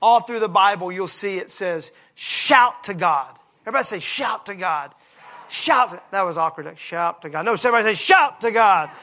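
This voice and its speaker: A pastor preaching a passionate sermon, moving from hushed lines to shouts. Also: male voice, high voice, expressive, normal speed.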